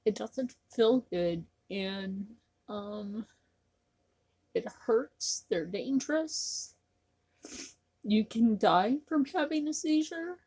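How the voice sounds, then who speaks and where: Slow, husky-voiced woman rambling to camera. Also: fairly high pitch, lively intonation, a little mellow. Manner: rambling, repetitive, with many fillers. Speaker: vlogger. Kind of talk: casual talk to camera.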